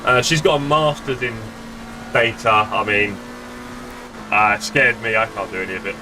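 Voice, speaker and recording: A man's voice: on the low side, fairly even intonation, normal speed, noisy background. A middle-aged man live-streaming sim racing from home, chatting casually with his viewers in a rambling, self-mocking way. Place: home gaming room. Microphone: desk streaming mic.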